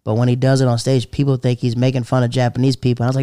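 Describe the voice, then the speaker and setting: A man's voice: mid-range voice, monotone, very fast, dark tone, clean tone. Rambling man telling stories. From American South. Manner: rambling, loaded with "like", acts out quoted voices. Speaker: stand-up comedian, guest. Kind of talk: casual storytelling chat.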